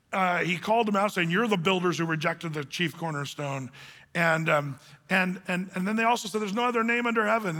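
A pastor delivers a verse-by-verse Bible teaching sermon in an easygoing, folksy, conversational style full of colloquial words. His high, bright voice rings with the long reverb of a big hall, as though recorded in a church sanctuary.

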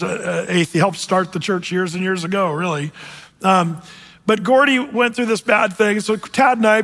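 High-voiced pastor preaching in a hall. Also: male voice, a bit bright. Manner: conversational, storytelling, emphatic with slow stressed phrases. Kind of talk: sermon.

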